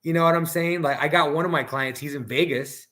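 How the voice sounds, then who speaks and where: A man's voice: a little high, a little fast, pushed and bright. A man who is a coach, talking casually as a podcast guest and often calling the listener "bro". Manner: casual, peppers speech with "bro".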